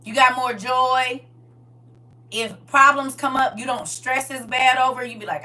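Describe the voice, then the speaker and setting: A woman's voice: high voice, moderate pace, bright, forceful tone. A woman preaching a conversational sermon, often asking the congregation questions and waiting for their answers. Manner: conversational, call-and-response with congregation. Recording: voice from far off the mic.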